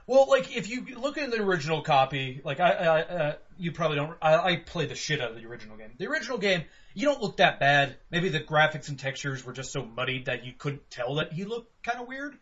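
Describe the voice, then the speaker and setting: Animated, swearing male game podcaster. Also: on the high side, fast talker, few pauses. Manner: animated, swears freely, puts on voices for quotes. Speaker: podcast co-host. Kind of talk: casual game review chat. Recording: dull lo-fi podcast audio.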